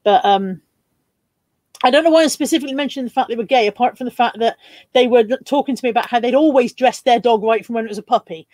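A woman's voice: fairly high pitch, fast talker, darkish tone, dry recording. A woman hosting a live haul stream, chatty and jokey, reading out viewer comments and laughing often. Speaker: livestream host. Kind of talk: casual live haul chat.

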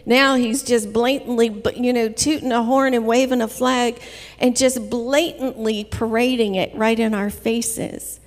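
A woman preaching a sermon in a church, telling her story in an earnest, measured way. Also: fairly high pitch, a little mellow. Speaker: guest preacher. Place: church sanctuary. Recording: reverberant church hall.

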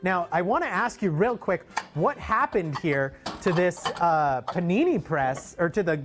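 A woman hosts a live show in a relaxed, chatty way, quick to laugh. Her voice sits on the lower side for a woman, with faint music playing underneath. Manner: upbeat, laughs often, chatty. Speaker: host.

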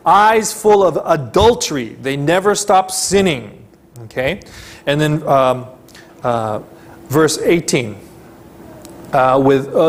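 A male pastor delivers a sermon in a slightly high voice. He speaks slowly and with emphasis, repeating phrases and climbing into louder bursts on key words. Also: lively intonation.

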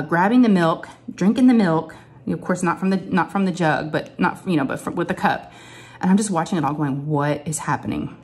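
A middle-aged woman, chatting casually as she tells a long story in her home craft room. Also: lowish voice. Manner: chatty, animated storytelling with many asides. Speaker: crafting vlogger.

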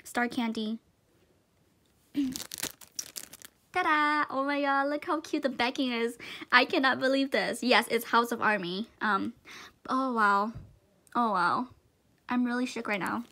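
A woman's voice: a little high, moderate pace. Gushing young-sounding woman unboxing. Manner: gushing, breathless exclamations, drops to soft whispers. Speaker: vlogger. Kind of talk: excited unboxing chat.

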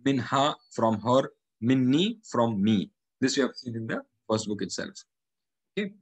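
Husky man teaching Quranic Arabic grammar. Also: medium pitch, expressive, a little slow, no room sound, poor audio. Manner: methodical, repeats each word and its meaning.

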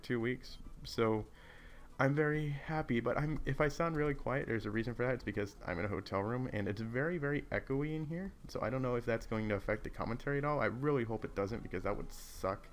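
A man with a medium-pitched voice talks a little fast, with a slight hiss or hum in the recording. He's a gameplay commentator doing a casual let's play, rambling and easily distracted while keeping his voice down in an echoey hotel room.

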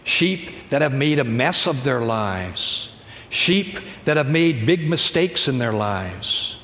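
A man voicing a patient teacher who questions a disciple calmly and insistently, in a reverberant church hall. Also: mid-range voice, slow. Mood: earnest. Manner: calm, gently insistent.

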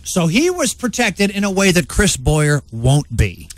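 Male co-host, wry and matter-of-fact, high-ish voice, dry booth. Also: big pitch swings, a little slow, no echo. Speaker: radio co-host. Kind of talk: morning radio banter.

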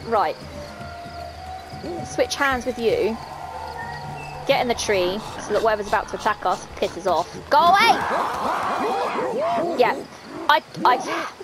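A woman giving casual let's-play commentary, excitable and gasping, talking straight to the characters on screen. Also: medium pitch. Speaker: gaming video host. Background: game music.

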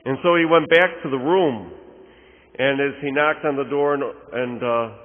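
A man gives a sermon, unfolding a story slowly with pauses and the odd filler. His voice comes through a thin, phone-like channel with a long reverb trailing off the walls of a large church. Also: medium pitch. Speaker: priest.

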